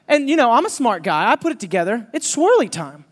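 High-voiced man preaching with jokes. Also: fairly quick, in a large hall. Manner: animated, joking storyteller who teases the audience. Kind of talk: sermon with personal storytelling.

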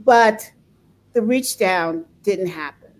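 An older woman from the United States, speaking in a conversational interview, reflective, pausing and repeating words as she thinks. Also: medium pitch. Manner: reflective, pauses and repeats words, laughs softly.

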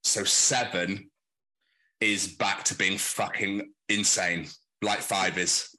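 Male podcast host, lowish bright voice, blunt storyteller. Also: steady tone, takes it slowly, poor audio. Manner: blunt, swearing, storytelling, mimics others. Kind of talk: casual chat.

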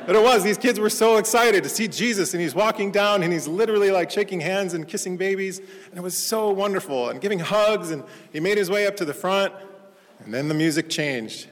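Speaking a little quickly in a high-pitched voice, this parish priest delivers a conversational, story-driven sermon in church. He livens up during anecdotes, and the sound carries the feel of a big room.

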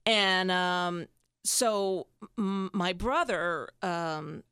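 Gravelly-voiced woman in her fifties. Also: lowish voice, extremely slow, fairly bright tone, no echo, studio quality. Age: 50s. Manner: emotional, rambling, frequent fillers and restarts. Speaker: podcast guest. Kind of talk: casual candid storytelling.

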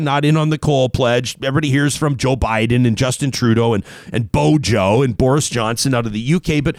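A man's voice: medium pitch, no room sound, clean studio sound. A man hosting a talk show, chatting in a playful, digressive monologue.

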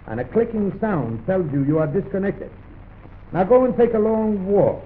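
A man delivering a deadpan comic monologue on an early gramophone record, mimicking the phone voices he describes. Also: high-pitched, fairly quick, narrow, tinny audio, a little hiss or hum. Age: 1910s archive recording.

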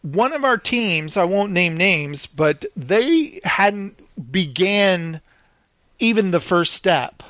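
A man telling a story in casual chat, lively and acting out the people in it. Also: high voice, takes it slowly, no room sound. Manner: animated, acts out the people in his stories.

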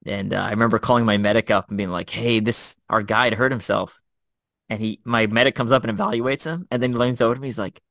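Here a middle-aged ex-Special Forces officer co-hosting as a guest shares war stories with plenty of fillers and false starts, animated throughout the casual chat. His voice is on the low side and creaky, quick-paced, with no room sound.

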